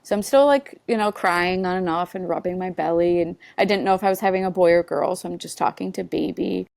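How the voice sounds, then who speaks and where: Woman in her 30s, low voice, recounting her story with lots of likes and you knows, dead dry sound. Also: creaky, a little mellow, no room sound. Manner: halting, frequent "like" and "you know" fillers, earnest. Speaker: podcast guest. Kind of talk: personal storytelling in conversation.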